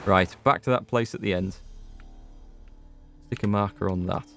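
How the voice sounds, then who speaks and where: Faint music plays behind this man's low, fairly bright voice, which moves at normal speed in a North Yorkshire English accent. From North Yorkshire, England, he's a let's play gamer casually rambling through commentary for his viewers.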